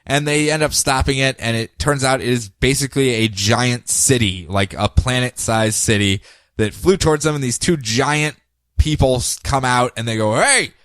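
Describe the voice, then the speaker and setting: A man's voice: medium pitch, fairly even intonation, normal speed, fairly bright tone, no room sound. A man hosting a podcast who recaps comics casually, in a joking, facetious way. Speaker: podcast host.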